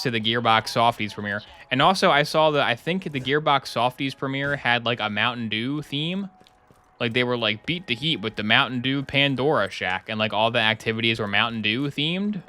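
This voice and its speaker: A man's voice: medium pitch, animated, normal speed, sharp tone. A young man streaming a game live, chatting casually and joking with his chat while he plays. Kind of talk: live gameplay commentary.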